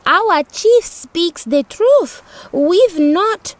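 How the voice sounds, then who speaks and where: A woman puts on a fierce male shaman from a storybook. He proclaims in a raised, high, forceful voice. The recording is dry. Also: expressive, extremely slow, no echo, exaggerated voice. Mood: proclaiming.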